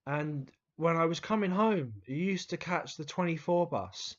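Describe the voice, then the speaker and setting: A man's voice: a little high, a little slow, muffled recording. A man telling childhood stories to camera in a casual, rambling way, with frequent restarts, fillers and the odd swear word. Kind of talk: casual storytelling monologue.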